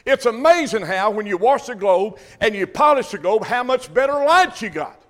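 An older man with a drawl delivers a fiery sermon. His voice sits high and ringing, and he swells to loud emphasis on the words that matter. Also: expressive, normal speed. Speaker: pastor.

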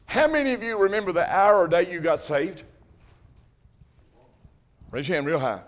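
A man preaching an emphatic sermon to his congregation, repeating phrases and rising to shouts. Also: high-pitched, very animated, moderate pace. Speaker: Baptist preacher.

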